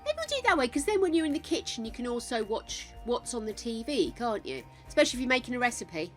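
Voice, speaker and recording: A woman's voice: a little high, very animated, quick pace, soft background music. An older woman streaming a game, chatting casually and calling her viewers darlings and gorgeous ones. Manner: chatty, showers viewers with endearments. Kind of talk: casual live-stream chat.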